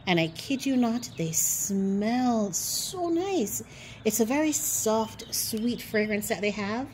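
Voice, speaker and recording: Outdoors on her gardening vlog, a woman speaks in a mid-range, darkish voice over a little hiss or hum. Chatty and playful, she pokes fun at herself and addresses viewers as beautiful people.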